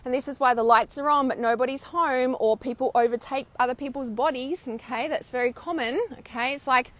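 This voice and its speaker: Woman with a slightly high voice, intuitive-healer type, teaching to camera in a loose, animated way with casual swearing. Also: a little fast. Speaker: intuitive healer and spiritual mentor. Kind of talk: spiritual teaching talk to camera. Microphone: filming herself on camera.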